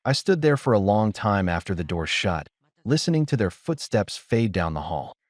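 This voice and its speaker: A man narrating a first-person story in a measured, dramatic storytelling manner. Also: on the low side, very animated, no echo, studio quality.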